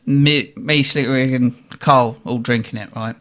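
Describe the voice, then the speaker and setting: A man's voice: mid-range voice, a little slow. A young man telling a casual anecdote, laughing often and acting out what people said. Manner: laughing often, animated anecdote with quoted voices. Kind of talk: casual storytelling.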